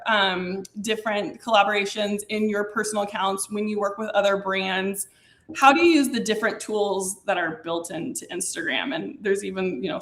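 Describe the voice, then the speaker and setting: A woman's voice: mid-range voice, a bit bright. A woman moderating a webinar panel from the hotel side, conversational and asking open questions over a video call.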